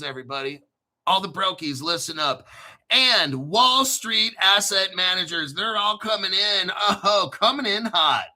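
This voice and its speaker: Male crypto host, high and very bright, cusses freely, hyped joking delivery, keeps clearing his throat. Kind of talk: excitable commentary reading crypto news.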